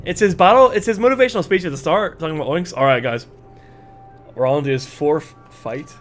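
Excitable high-voiced male streamer. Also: brisk, soft background music. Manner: excitable, swears freely, shouts at the game. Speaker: livestreamer. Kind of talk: casual gameplay commentary.

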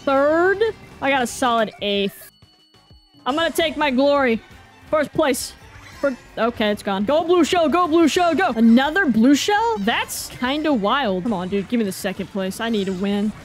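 A woman giving casual live gameplay commentary, excitable and self-mocking, with slang and mild swearing. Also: on the high side, measured pace, soft background music. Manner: excitable, groans and cheers at every turn. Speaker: gaming video creator.

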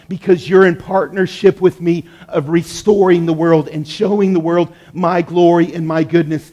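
A man's voice: on the high side, darkish tone. A man in his thirties, a pastor, preaching a sermon in a conversational, storytelling way to his congregation in a church.

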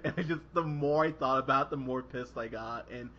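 Bright-voiced, rambling podcast movie reviewer. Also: male voice, medium pitch, a little fast, slight background noise. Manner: rambling, laughing, quoting in animated voices. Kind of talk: casual profane podcast chat. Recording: dull lo-fi podcast audio.

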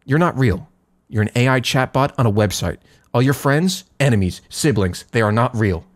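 A man's voice: medium pitch, expressive, normal speed, natural voice. A man voicing a scheming online chat user, reading out the messages in a slightly raised voice.

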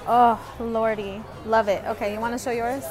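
A woman's voice: a little high, little pitch movement, moderate pace, over music, crowd noise, rough recording. A woman vlogging with her daughter, chatting casually and giggling often. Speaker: vlogger and mother. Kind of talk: casual vlog chat. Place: restaurant, then a mall coffee shop.

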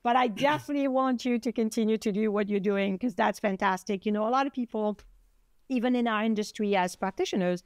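A woman's voice: medium pitch, fast talker, smooth, no echo. A middle-aged woman with a French accent. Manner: animated, acts out quoted voices. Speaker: podcast host, acupuncturist. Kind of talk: casual interview chat.

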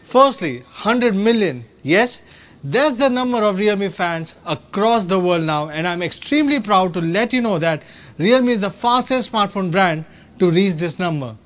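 A man's voice: high-pitched, animated, measured pace, a bit bright. A man giving a proud, rallying scripted keynote as a company executive at a product launch. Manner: proud, rallying, slightly stilted phrasing.

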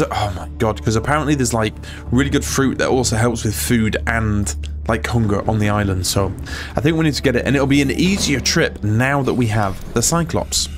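A man talks through a game in loose, nervy commentary, cursing and muttering to himself as he goes. His voice sits at an ordinary male pitch, with faint game music underneath. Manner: jittery, swears a lot, talks to himself. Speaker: gaming channel host. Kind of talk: let's play commentary.

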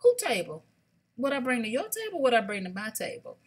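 Sassy animated woman hosting a live sale. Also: fairly high pitch, fairly quick, slightly rough. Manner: animated, sassy, talks straight to viewers with y'all. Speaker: livestream shopping host. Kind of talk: casual live shopping stream.

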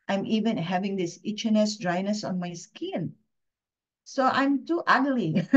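Earnest woman speaker, muffled lo-fi sound. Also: medium pitch. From Philippines. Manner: emotional, earnest, confiding, asks the listeners questions. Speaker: guest speaker at a training session. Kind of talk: personal testimony talk. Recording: dull lo-fi sound.

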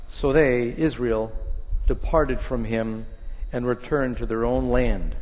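A man preaching a sermon and reading scripture aloud, with an emphatic delivery that swings between hushed and loud. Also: mid-range voice. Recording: long reverb of a large hall.

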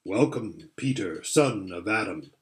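A man voicing a majestic, wise lion king with a deep, rich voice, speaking slowly and gravely. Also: animated. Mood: solemn. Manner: slow, solemn and grave.

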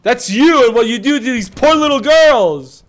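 High-voiced young man, rambling and profane. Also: lively intonation, moderate pace. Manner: rambling, profane, laughing storytelling. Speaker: video uploader and player. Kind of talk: casual gaming chat. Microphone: home desk mic, audio only.

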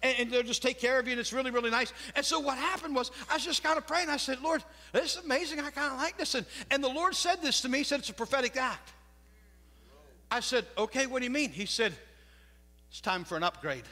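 A pastor preaches a sermon in a church sanctuary, telling a story, laughing at his own jokes, and asking the congregation questions. His very high voice is bright and forceful, moving at a quick pace, and long church reverb trails through the recording.

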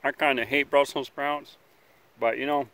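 A man hosting a casual outdoor survival vlog, talking in a relaxed, rambling way by a campfire, sometimes chewing as he speaks. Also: mid-range voice, normal speed. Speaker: outdoor survival channel host.

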